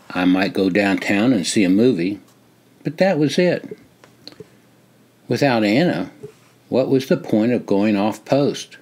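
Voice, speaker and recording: A man's voice: fairly low pitch, darkish tone, breathy edge. Older man reading his memoir. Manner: measured, plain storytelling. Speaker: memoir narrator.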